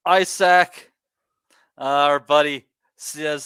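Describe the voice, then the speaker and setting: A man hosting a podcast, reading out viewer questions with wry humor. His voice sits a little high and sounds smooth and clear. The recording is dry and close. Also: a bit bright, no room sound. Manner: quick, wry, swearing freely. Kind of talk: casual podcast banter.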